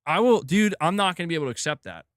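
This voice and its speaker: A man's voice: a little high, lively intonation, rapid-fire, a bit bright, no room sound. Exasperated ranting man, dry close sound. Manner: exasperated, profane, rambling. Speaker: host of a gaming news stream. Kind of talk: casual streamed rant.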